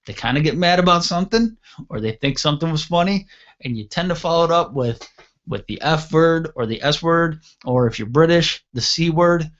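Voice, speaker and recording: A man's voice: on the high side, animated, normal speed, fairly bright tone, dull audio. A man hosting a radio talk show, telling a long anecdote in a blunt, rambling, casually profane way. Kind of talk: casual storytelling chat.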